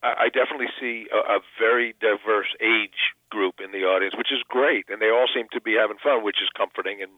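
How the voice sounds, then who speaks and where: A man's voice: fairly low pitch, a little fast, few pauses, no room sound. Older guy rambling on the phone, self-deprecating, dry tinny sound. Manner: chatty, self-deprecating, frequent restarts. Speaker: actor and comedian guest. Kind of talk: phone interview.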